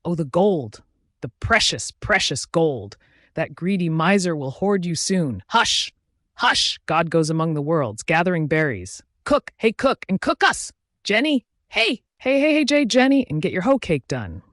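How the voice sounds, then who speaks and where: A man voicing a crazed young male cabin boy in an audiobook, with high, singsong muttering. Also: expressive, unhurried, a bit bright, dry recording, clean studio sound.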